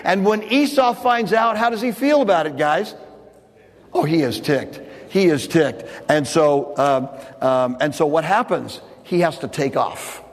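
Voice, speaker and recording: A man's voice: on the high side, animated, unhurried, long reverb tail. A man preaching a sermon, telling a story in a loose, conversational way with frequent restarts. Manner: casual storytelling with repeated restarts. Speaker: pastor.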